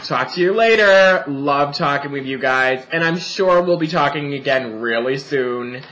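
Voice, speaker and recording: A man's voice: medium pitch, a little slow, bright, forceful tone, poor audio. A young man in drag, vlogging from a family home indoors, chatting in a campy, sassy, profane and joking way. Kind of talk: campy casual vlog monologue.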